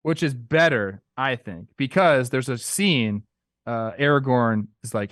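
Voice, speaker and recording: A young man co-hosting a casual sports talk show, animated and playful, acting out quotes in goofy voices. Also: mid-range voice, unhurried, no echo. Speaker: podcast co-host.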